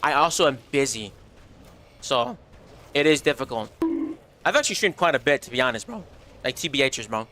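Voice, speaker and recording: Bright, animated young male streamer. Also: mid-range voice, moderate pace, long pauses, a little hiss or hum. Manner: animated, slangy, reads chat aloud. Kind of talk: casual livestream chat.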